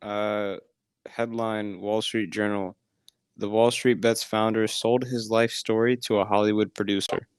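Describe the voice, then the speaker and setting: Man, slow, halting delivery, dry close sound, casual chat. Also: fairly low pitch, flat delivery, smooth, no room sound. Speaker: chat participant.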